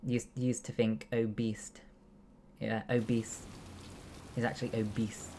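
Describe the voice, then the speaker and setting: Her voice is very deep and dark, with little pitch movement and a slightly slow pace, over a bit of background noise. The young woman, a streamer and nursing student, is gaming and chatting casually, going through steps one at a time with lots of fillers and asides.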